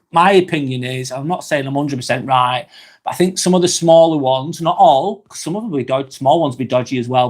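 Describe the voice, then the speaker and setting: A man's voice: mid-range voice, darkish tone. A man hosting a live stream, reading viewers' comments aloud and chatting back in a casual, rambling way. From England.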